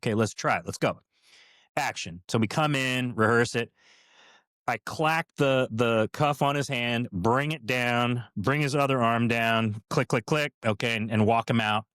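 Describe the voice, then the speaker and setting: A man's voice: mid-range voice, moderate pace, fairly bright tone, clear, resonant tone, no room sound, studio quality. A middle-aged man co-hosting a podcast, telling stories in a casual chat with many fillers and restarts. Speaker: podcast co-host, former cast member.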